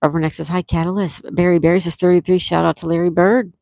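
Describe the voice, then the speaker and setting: A woman hosting a live-stream trivia game, reading viewers' answers aloud and repeating each question slowly. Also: lowish voice, little pitch movement, creaky, darkish tone, no echo. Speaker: trivia host.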